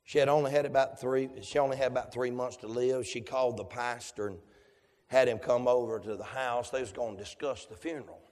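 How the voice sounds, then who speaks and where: A male preacher, delivering a fervent sermon that swings from hushed tones to shouts. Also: mid-range voice, fairly even intonation, a little fast, long reverb tail.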